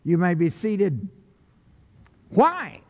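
A male pastor delivers a sermon in a high, unhurried voice, leaning into his key words with a folksy touch. The recording is dull and lo-fi, with a long reverb from the church sanctuary. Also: lively intonation. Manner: folksy, slows down for emphasis.

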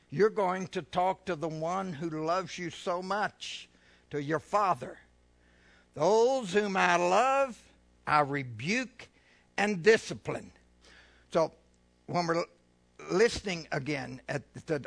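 A man preaching a sermon in a slightly high, gravelly voice. He slows down and rises in volume when he reads scripture, then drops into quieter, plainspoken asides to the congregation. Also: no echo. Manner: reads scripture slowly and loudly, asides in a lower voice; addresses listeners as folks, with fillers.

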